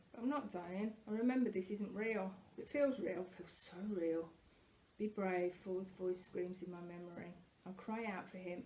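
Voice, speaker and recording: A woman reading a first-person novel aloud, expressive and growing louder at tense moments, with the odd slip and self-correction. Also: medium pitch, slight background noise, low-quality recording. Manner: occasional slips and self-corrections. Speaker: reader.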